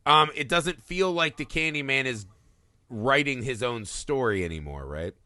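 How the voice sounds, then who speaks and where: Male podcast co-host, animated and profane; bright, lively delivery, dry close mic. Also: mid-range voice, normal speed, dry recording. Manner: animated, swears, acts out quotes in put-on voices. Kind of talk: casual film discussion.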